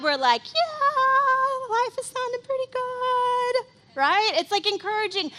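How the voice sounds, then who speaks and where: A woman preaching a conversational, animated sermon, often saying "like" as she tells a story and reads scripture. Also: very high voice. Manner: conversational and animated, heavy use of "like". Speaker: pastor.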